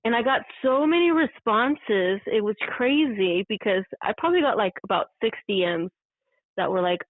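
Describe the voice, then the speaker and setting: A woman's voice: a little high, lively intonation, normal speed, no room sound. A woman calling in to a show, chatting casually and laughing easily, heard over a phone line. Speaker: guest caller. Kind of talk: casual chat. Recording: dry tinny phone line.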